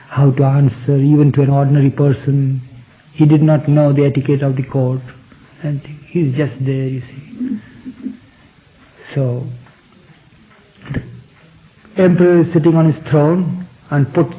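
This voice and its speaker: A man's voice: mid-range voice, steady tone, measured pace, pauses often. Man telling a story, old tape. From India. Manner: conversational, frequent asides. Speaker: storyteller giving a talk. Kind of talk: informal storytelling talk. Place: hall. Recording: dull 1970s tape recording.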